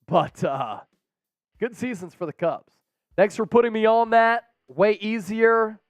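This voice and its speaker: Man, sports stream host, high voice, smooth tone, dry close sound, hyped chat with viewers. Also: unhurried, dry recording, faint music behind. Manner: hyped, talks straight to the viewers. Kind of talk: casual live-stream chat reading viewer donations.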